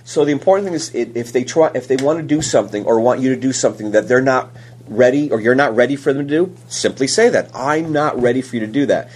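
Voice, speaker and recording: Male podcast host, casual advice talk, mid-pitched, faint background hum. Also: fast, a little mellow. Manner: anecdotal, acts out quotes in raised voices.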